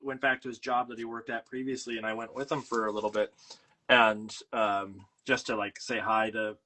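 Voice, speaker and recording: A man's voice: lowish voice, level tone, normal speed, bright, forceful tone, slight background noise, low-quality recording. A man who grew up in the Midwest, hosting a podcast and chatting animatedly, with lots of fillers. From Midwest, USA. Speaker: podcast host. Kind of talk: casual podcast conversation.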